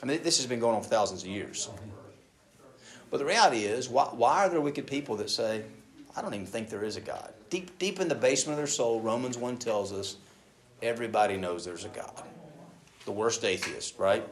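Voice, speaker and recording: A man preaching a sermon. He reads scripture aloud, then speaks directly to the congregation, moving between loud emphasis and hushed asides. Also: mid-range voice, expressive, brisk. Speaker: pastor.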